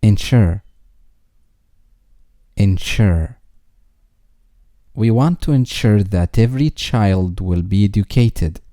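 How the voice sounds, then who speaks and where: A man reading English vocabulary words twice each, followed by a slow example sentence. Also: on the low side, mellow, dry recording, studio quality.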